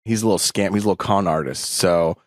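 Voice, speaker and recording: A man co-hosting a podcast in relaxed, rambling casual chat with many fillers. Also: low-pitched, quick pace, no echo, clean studio sound. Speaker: podcast co-host.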